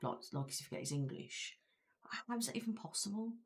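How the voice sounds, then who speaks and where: Here a woman whispers in a mid-range voice, brisk and expressive, with a Belfast accent. She's an ASMR creator from Belfast, Northern Ireland, hosting a live stream and chatting casually with viewers, rambling and using fillers often.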